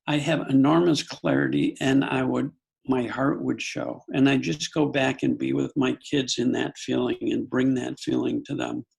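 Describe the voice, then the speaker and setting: An older man from the United States, a psychologist and podcast guest, telling a personal story in a calm, earnest way with frequent self-corrections. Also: mid-range voice, normal speed, gravelly, breathy edge, low-quality recording. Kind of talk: reflective storytelling in an interview.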